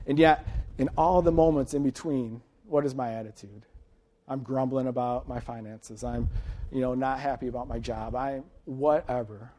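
A man's voice: mid-range voice, fairly even intonation, normal speed, mellow. A man in his late thirties preaching an informal sermon, folksy and chatty, often checking in with his listeners. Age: late 30s.

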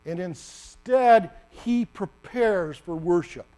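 Male preacher, high-pitched, animated storytelling delivery, slight mains hum. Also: slow pace. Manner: animated, acts out the story with sudden loud bursts. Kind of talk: sermon.

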